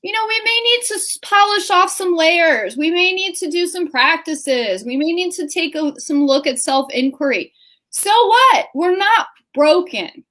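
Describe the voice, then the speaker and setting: High-voiced earnest woman co-host. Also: animated, a little slow, a bit bright. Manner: earnest, emphatic. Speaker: podcast co-host. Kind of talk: casual chat.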